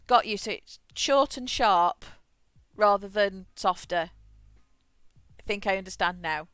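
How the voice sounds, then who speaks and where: A woman's voice: mid-range voice, a little slow, pauses often, a bit bright, smooth, no echo, soft background music. A woman streamer chatting casually while gaming, self-deprecating and laughing often, with frequent restarts. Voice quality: had a childhood stutter, frequent restarts.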